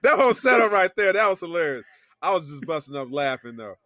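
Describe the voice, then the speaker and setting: A man's voice: on the high side, very animated, fast, sharp tone, dry recording, clean studio sound. A man co-hosting a casual chat, laid-back and slangy, laughing along. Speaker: wrestling podcast co-host.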